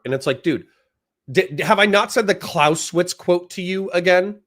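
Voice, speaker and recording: A man's voice: sits high, normal speed, pushed and bright. A man live-streaming commentary on a debate, ranting and swearing in exasperation. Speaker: livestreamer reacting to a debate.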